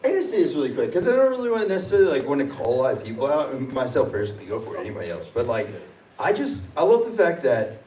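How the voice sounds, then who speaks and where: A man's voice: medium pitch, huge pitch swings, rapid-fire, a little mellow. A man hosting a convention panel, telling a funny story with self-mocking laughs. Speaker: host and panelist. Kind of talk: casual panel chat. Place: convention hall. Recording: echoey hall, distant mic, audible noise.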